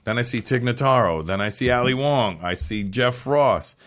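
A man's voice: medium pitch, normal speed, a bit bright. A man telling a long story casually as a podcast guest, acting out other people's lines and swearing freely.

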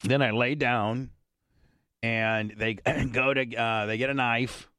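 A man's voice: medium pitch, steady tone, slow, sharp tone, clean tone, no room sound, clean studio sound. A middle-aged man on a podcast, telling a crude story in a rambling way, full of restarts. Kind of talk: casual chat.

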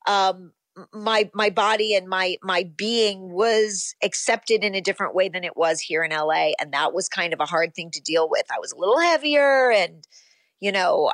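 A woman in her fifties speaks at a middle pitch, musing and rambling, dotting her sentences with ums and you-knows. Her voice is close and dry, with no room sound. She talks as an actress guest in a relaxed chat. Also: no echo. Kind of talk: casual interview.

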